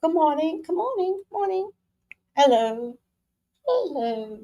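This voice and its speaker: A woman putting on a prim, overly polite office worker voice on the phone, with a high, sing-song politeness. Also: sing-song, unhurried, mellow, exaggerated voice. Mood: chirpy polite.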